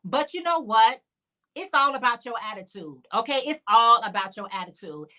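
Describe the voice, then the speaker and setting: A woman hosts a relaxed crafting livestream, talking freely and reading out viewers' comments as she goes. Her voice sits a little high and sounds bright and forward. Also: moderate pace. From Chicago area. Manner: chatty, reads out and answers viewer comments. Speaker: livestream host. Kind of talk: casual crochet livestream chat.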